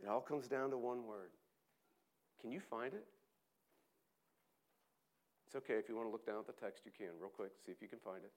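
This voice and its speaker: A man preaching a sermon, acting out shouted voices and dropping to quiet asides. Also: on the low side, a little fast, long pauses. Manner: animated, acts out shouted voices, drops to near-quiet asides.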